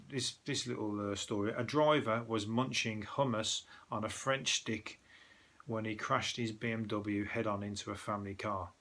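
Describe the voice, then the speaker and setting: A man from Birmingham, England, with a lowish, slightly bright voice and a Birmingham accent hosts a newspaper review. He chats casually, rambling, sarcastic and full of swearing.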